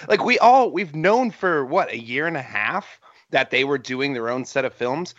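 A man co-hosting a podcast in casual chat, talking in an animated, ranting way. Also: medium pitch, normal speed, no echo, highs cut off. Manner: animated, ranting with rising emphasis. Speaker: podcast co-host.

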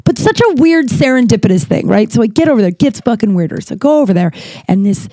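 A woman's voice: fairly high pitch, sing-song, fast talker, dark tone, dry recording. A woman hosting a podcast, telling a personal story in a casual, rambling way, full of fillers and restarts. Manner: candid, lightly profane. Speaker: podcast host.

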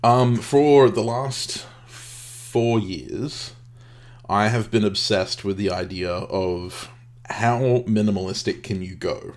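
A man's voice: on the low side, fairly even intonation, slow pace. A man co-hosting a craft podcast in casual chat, rambling with many restarts and frequent laughter. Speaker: podcast co-host.

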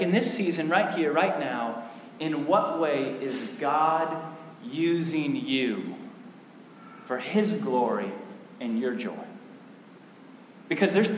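A man preaching a sermon in an animated way, with repeated restarts and sudden bursts of emphasis. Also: on the high side, slight background noise. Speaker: pastor. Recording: echoey hall with long reverb.

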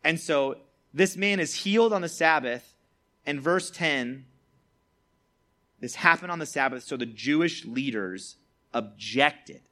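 A man's voice: fairly high pitch, expressive, measured pace, pauses often, pushed and bright. A man giving a casual Bible lesson as a preacher, chatty and peppered with tag questions. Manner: chatty, peppered with "like" and "all right?". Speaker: youth preacher.

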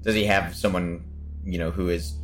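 Low-voiced man questioning as a tabletop player. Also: fairly even intonation, normal speed, soft background music. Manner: questioning, joking, rambling. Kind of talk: casual tabletop game chat.

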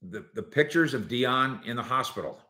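A man hosts a solo sports podcast, arguing his points with animation and addressing listeners directly. His medium-pitched voice moves at a moderate pace and sounds reverberant.

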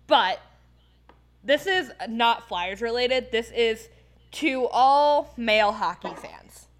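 A woman's voice: on the high side, lively intonation, takes it slowly. A woman from Philadelphia hosting a casual podcast chat, ranting with heated profanity and many fillers. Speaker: podcast host.

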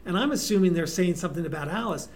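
A man, a guest performer, telling casual anecdotes in an animated way with frequent restarts. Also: high-pitched, quick pace. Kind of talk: casual storytelling.

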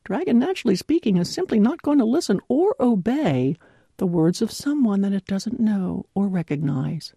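A woman giving a devotional talk in an earnest, clearly enunciated way, laughing often. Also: mid-range voice, expressive, normal speed, warm tone, no echo, studio quality. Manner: clear, carefully enunciated delivery. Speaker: devotional speaker.

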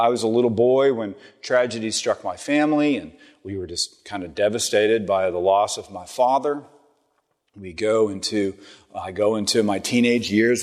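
A man, a church rector giving a storytelling sermon, acting out the quoted voices with a lifted pitch. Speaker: rector and preacher. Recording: church hall with long reverb.

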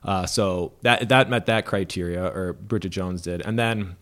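A man's voice: low-pitched, normal speed, a bit bright. A man with an American Midwestern accent co-hosting a podcast, chatting casually and rambling with plenty of hedges and fillers. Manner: rambling, hedging, with many fillers. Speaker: podcast co-host.

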